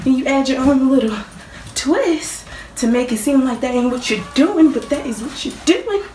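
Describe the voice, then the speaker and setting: A woman's voice: high-pitched, animated, normal speed, warm tone, far from the mic, a little hiss or hum. A young woman, joking her way through playful casual explanations. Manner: goofy, playful, chatty. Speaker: vlogger. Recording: roomy sound from off mic.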